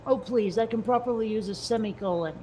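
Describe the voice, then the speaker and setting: A woman's voice: fairly high pitch, a little fast, warm tone, a little hiss or hum. A woman in casual chat, firing off dry, teasing comebacks.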